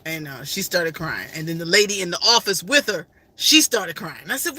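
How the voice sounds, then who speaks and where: A woman's voice: fairly low pitch, expressive, brisk, few pauses, bright, forceful tone. A middle-aged woman vlogger in an emotional, faith-filled personal storytelling style, repeating herself often.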